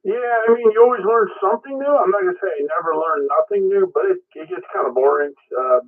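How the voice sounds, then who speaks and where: A man checking in on a ham radio net, talking casually with many halting restarts. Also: sits high. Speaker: caller checking in. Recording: tinny radio transmission.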